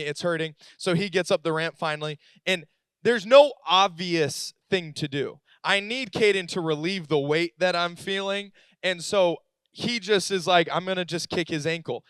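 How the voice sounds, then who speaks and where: A man's voice: high voice, a bit bright, clear, resonant tone, no echo. A young adult man, a pastor, telling a personal story in a casual, filler-heavy sermon. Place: church auditorium.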